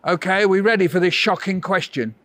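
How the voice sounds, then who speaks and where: The man's voice sits high and a bit bright, with lively intonation and a fairly quick pace. He's leading a school workshop for children via video call, telling playful stories and teasing them in a mock-huffy, theatrical manner.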